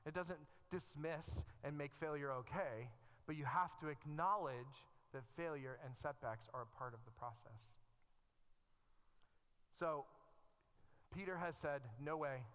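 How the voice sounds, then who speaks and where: Middle-aged pastor preaching in a reverberant church. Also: male voice, medium pitch, normal speed, fairly bright tone. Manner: conversational preaching, reads scripture aloud, self-deprecating asides. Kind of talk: sermon. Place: church sanctuary.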